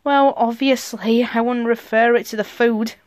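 A woman voicing a smooth, composed young husband in a story game, speaking in a lowered, calm and teasing way. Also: moderate pace, dry recording, clean studio sound, close to an everyday voice.

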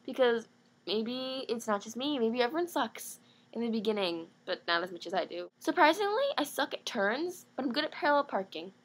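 A teenage girl vlogging in a casual, rambling, self-mocking way, talking in quick bursts. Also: a little high, animated. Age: late teens. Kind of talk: casual vlog monologue.

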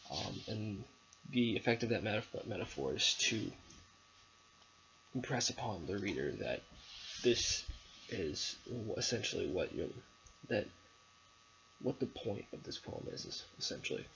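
A man's voice: lowish voice, very animated, a little slow, vocal fry, long pauses, a bit bright. A young male student giving a hesitant spoken analysis of a poem, with many ums and restarts. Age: young adult. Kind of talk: recorded literary analysis presentation. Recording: dull lo-fi recording with faint background noise.

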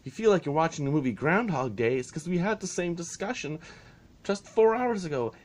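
A man's voice: a little high, lively intonation, brisk. A man telling a story in a casual vlog, exasperated and sarcastic, swearing freely. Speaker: vlogger.

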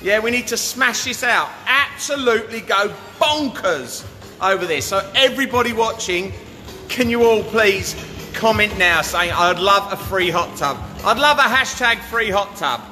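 A man hosting a hot tub giveaway livestream, hyping up his viewers with a pushy sales pitch and constantly asking "yeah?". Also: lively intonation, a little slow, pushed and bright. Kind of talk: live-stream sales pitch. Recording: echoey room with music behind.

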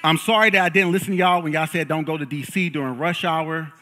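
Young man, pastor, lively sermon, joking with the congregation, bright forceful voice, long church reverb. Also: fairly high pitch, fast talker. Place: church sanctuary. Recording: long reverb of a large hall.

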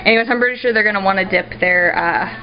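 A woman's voice: mid-range voice, racing. Chatty Southern woman filming her kitchen. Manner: chatty, rambling with many ums and likes. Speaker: vlogger cooking dinner for her family. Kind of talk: casual family vlog chat. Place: home kitchen. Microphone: handheld camera. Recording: lo-fi home video with family chatter.

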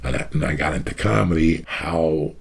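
A man's voice: rumbling low, normal speed, vocal fry, slightly rough. A middle-aged man, a comedian, telling profane stories in a podcast conversation and acting out other people's lines. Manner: swears freely, acts out other people's lines. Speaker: comedian guest.

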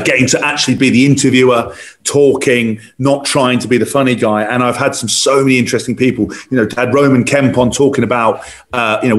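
Rambling man telling stories. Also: medium pitch. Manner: rambling storyteller, lots of fillers and swearing. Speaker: podcast guest. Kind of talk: casual chat.

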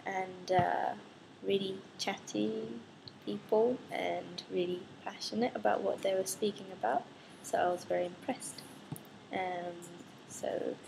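A young woman teaching English conversation, giving a friendly, clear spoken summary of a class with a few ums. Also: mid-range voice, background noise.

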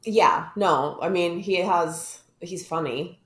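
Animated young woman co-host in a roomy space. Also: on the low side, slow pace. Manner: animated reactions, shrieking laughs. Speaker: podcast co-host. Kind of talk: casual chat.

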